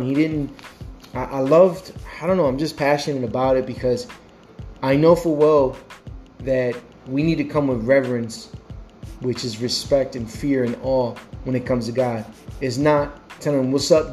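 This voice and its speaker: A man's voice: medium pitch, darkish tone. A man giving a conversational sermon with passion and lots of repeated phrases. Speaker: preacher. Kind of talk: casual sermon.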